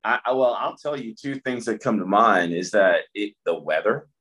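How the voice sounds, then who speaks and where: Low-voiced guy in his 30s from the midwest, easygoing interview chat, lots of ums. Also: normal speed. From Midwest, Michigan. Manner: relaxed storytelling with frequent fillers and laughs. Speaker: county commissioner, guest. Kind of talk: conversational interview.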